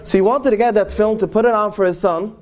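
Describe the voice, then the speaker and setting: Earnest high-voiced man, tinged storyteller. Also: steady tone, a little mellow. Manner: earnest, slows and lingers on key words for emphasis. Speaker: rabbi. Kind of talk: storytelling talk to an audience.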